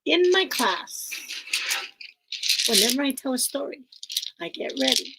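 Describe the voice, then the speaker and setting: A woman teacher reading a picture book aloud to children, playful and animated, often dropping into whispers. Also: high-pitched, takes it slowly, vocal fry, pauses often, noisy background.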